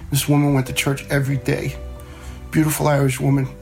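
A man's voice: mid-range voice, completely flat delivery, a little fast, creaky, a little mellow, faint music behind. A middle-aged man telling his own story in a plainspoken, conversational way, playing out the voices of people he quotes. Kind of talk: personal story told on a radio show.

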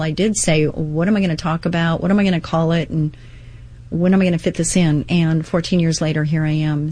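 Her voice is fairly low in pitch with a darkish tone, captured in a dry recording. A middle-aged host of a Christian inspirational radio talk show, she mixes devotional readings and personal asides in an earnest, encouraging way.

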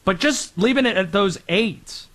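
A man with a high, light voice hosts a sports talk show. He delivers brisk, opinionated commentary, rattling through players and teams in a quick list. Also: animated, a bit bright.

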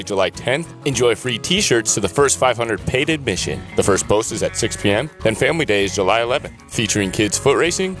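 A man reading a scripted radio ad, briskly listing events. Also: mid-range voice. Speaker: commercial announcer. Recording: guitar music behind.

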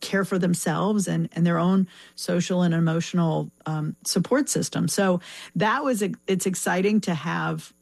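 A woman's voice: fairly low pitch, moderate pace, gravelly, darkish tone, no echo. A woman speaking as a foundation representative in an interview, reflective and full of restarts and fillers. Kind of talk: conversational interview.

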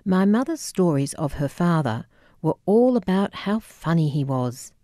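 A woman reading her audiobook memoir in a wry, measured, reflective way. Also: fairly low pitch, very animated, dark tone, dry recording, studio quality. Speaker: memoir narrator.

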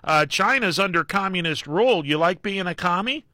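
A man's voice: high-pitched, animated, normal speed, pushed and bright. A middle-aged man hosting a call-in radio show, joking wryly and leaning on fillers as he reads poll results. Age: middle-aged or older. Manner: wry, joking, with frequent fillers. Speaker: radio talk show host. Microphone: studio microphone.

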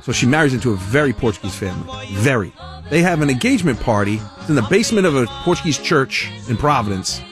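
A middle-aged man hosting a talk show, telling stories in a chatty, animated way and laughing often. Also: mid-range voice, fast talker, over music. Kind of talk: casual talk-radio storytelling.

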